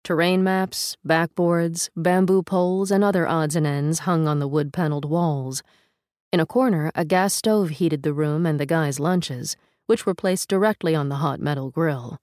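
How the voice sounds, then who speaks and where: A woman reads a feature story aloud in a calm, measured way. Her voice sits low, and the recording is dry and close, with no room sound. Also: dry recording. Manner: measured, steady reading with a first-person reporter voice. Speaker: narrator of an audio article. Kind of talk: scripted narration.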